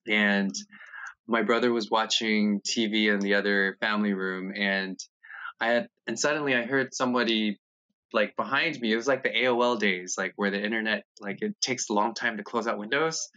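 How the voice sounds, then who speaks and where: A man in his thirties from the United States, candidly telling his life story in an interview, halting at times and animated when retelling scenes. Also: fairly low pitch. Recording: dull, lo-fi sound.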